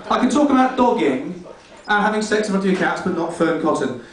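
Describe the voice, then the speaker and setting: A man's voice: high voice, big pitch swings, a little fast, a little hiss or hum. A man doing a rambling, rude, self-mocking stand-up set on a comedy club stage, heard from far off in an echoey room.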